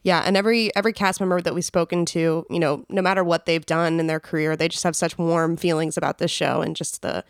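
A woman's voice: lowish voice, steady tone, clear, resonant tone, dry recording, studio quality. A woman co-hosting a podcast, chatting in a bubbly, eager way. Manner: bubbly, chatty, quick to agree. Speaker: podcast co-host. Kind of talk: casual podcast chat.

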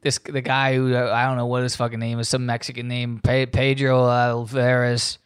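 A man's voice: mid-range voice, completely flat delivery, moderate pace, smooth, no room sound, studio quality. A man hosting a podcast, rambling profanely through a casual monologue and reading news aloud. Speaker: podcast host.

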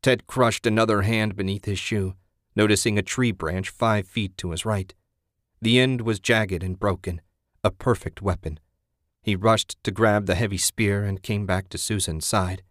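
A man reading a horror story aloud in a steady, grim voice. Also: lowish voice, moderate pace, no room sound, studio quality.

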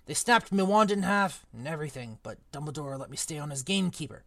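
A podcast reader voicing a big, gruff male half-giant gamekeeper in a book club read-aloud, with rough country speech and loud bursts. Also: mid-range voice, expressive, quick pace, no room sound. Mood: rueful chatty.

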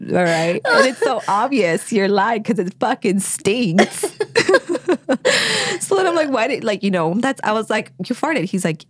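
A woman co-hosting a podcast, telling a story in casual chat, animated and profane, laughing often. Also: medium pitch, moderate pace, few pauses, no echo. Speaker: podcast co-host.

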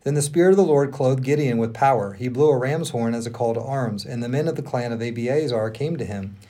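A man co-hosting a podcast, reading scripture aloud in a measured, earnest way. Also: mid-range voice, warm tone.

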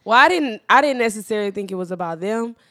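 A woman's voice: mid-range voice, animated, fast talker, bright, forceful tone, no room sound, clean studio sound. A woman co-hosting a podcast in casual chat, leading the topics in a frank, playful way. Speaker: podcast co-host.

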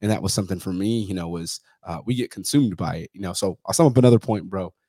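Fast-talking, low-voiced male podcast host. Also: dark tone, no echo, clean studio sound. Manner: profane, rambling, says "you know" and "like" a lot. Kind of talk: casual conversation.

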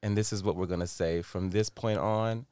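A young man co-hosting a casual chat show, playful and quick to chime in. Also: fairly low pitch, fairly even intonation, darkish tone, no echo, studio quality. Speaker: podcast co-host.

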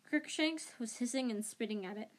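A woman's voice: fairly high pitch, moderate pace. Woman reading a story with small slips. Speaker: audiobook reader. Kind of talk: amateur audiobook narration.

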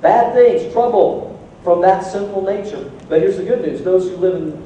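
A man in his forties delivers a sermon, telling stories with lively, self-mocking humor. His voice sits high and mellow. The recording catches him from afar in a very reverberant church hall, with a faint hiss underneath. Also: moderate pace, highs cut off. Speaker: pastor. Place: church sanctuary. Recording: very echoey hall from a distance.

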